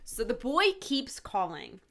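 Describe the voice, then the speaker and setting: A woman's voice: on the high side, measured pace, vocal fry, a crowd in the background. A woman co-hosting a podcast, casually retelling a TV episode with lots of "like" and acted-out quotes. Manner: animated retelling, many "like"s, acting out quoted lines. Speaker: podcast co-host. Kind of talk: casual chat recapping a TV episode.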